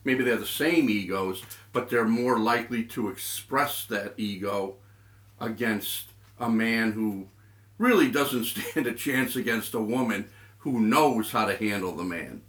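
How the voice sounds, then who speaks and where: A man's voice: lowish voice, measured pace, a bit bright. Male co-host, opinionated, rambling, roomy echo on the voice. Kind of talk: casual chat.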